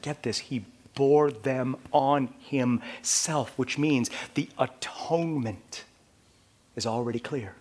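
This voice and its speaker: A man preaching a sermon, swinging between quiet, measured passages and loud, emphatic ones. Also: lowish voice. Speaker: pastor.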